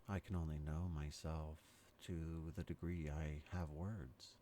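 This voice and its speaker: A man giving a rambling spoken meditation, meandering and pausing, his accent and tone drifting as he talks. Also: extremely low pitch, steady tone, mellow, slight background noise. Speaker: meditation speaker.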